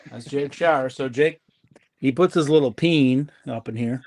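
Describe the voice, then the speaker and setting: A man's voice: mid-range voice, normal speed, darkish tone, dry recording. A man rambling in casual crude banter with friends, pushing to be heard.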